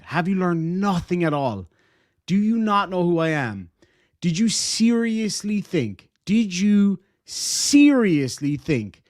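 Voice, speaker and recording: Lively, swearing male streamer. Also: on the high side, no echo, studio quality. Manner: gloating, heavy swearing, mocking. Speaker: streamer reacting to a clip. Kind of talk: profane commentary.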